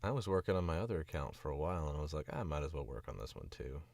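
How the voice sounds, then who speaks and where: A man's voice: rumbling low, animated, very fast, vocal fry, a little mellow, no echo. A man from the American South chatting casually on a stream about his voice work, sick and sleepy, rambling with chuckling asides. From Southern United States.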